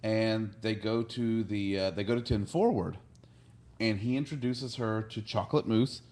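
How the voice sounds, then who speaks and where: A man's voice: lowish voice, moderate pace, a little mellow. A man hosting a podcast, casually retelling an episode and acting out the characters' lines. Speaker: podcast host.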